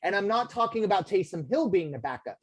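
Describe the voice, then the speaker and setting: A man's voice: sits high, sing-song, fast, slightly rough, dry recording. Casting: American male podcast co-host, loose rambly sports talk, lots of "um" and restarts, dry close mic. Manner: rambling, filler-heavy, many restarts.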